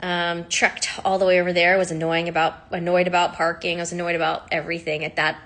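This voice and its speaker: Bright-voiced woman telling her story candidly. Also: on the low side, quick pace. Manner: candid and animated, with fillers and laughs. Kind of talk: personal storytelling to camera.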